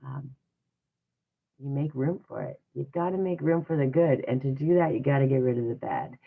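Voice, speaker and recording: A motivational livestream host talks in an encouraging, repetitive way, circling back to the same rhetorical questions. The voice sits at a mid pitch. The sound is thin and phone-like. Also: normal speed, vocal fry, breathy edge. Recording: tinny phone-like audio.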